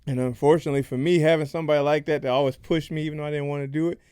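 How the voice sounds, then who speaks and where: A man's voice: on the high side, fairly even intonation, warm tone, smooth, no echo. A man, a professional fighter, speaking as a podcast guest and telling his own stories candidly and conversationally into a close mic. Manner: candid, rapid, conversational storytelling. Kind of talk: casual podcast storytelling.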